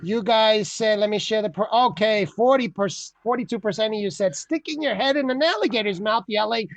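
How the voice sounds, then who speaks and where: A man's voice: high-pitched, a little fast, no room sound, lo-fi sound. A man hosting an open mic over a video call, cracking jokes, laughing at his own lines and tossing in Spanish slang. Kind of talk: loose joking Zoom chat.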